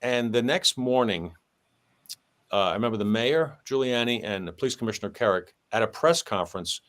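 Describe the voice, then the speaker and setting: A man's voice: mid-range voice, brisk. New man telling a police story. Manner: animated, acts out dialogue with shifting voice. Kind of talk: conversational storytelling on a podcast.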